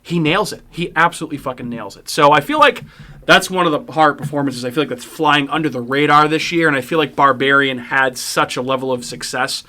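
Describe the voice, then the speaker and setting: A man's voice: a little high, fairly quick, pushed and bright. A man hosting a casual horror podcast chat, leading the talk and swearing freely. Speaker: podcast host.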